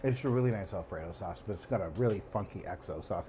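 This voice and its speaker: A man's voice: low-pitched, quick pace, dark tone. A man hosting a casual cooking show, who talks through a recipe in a playful, jokey way and riffs off the dish as he goes. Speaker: host and cook. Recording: audible background noise.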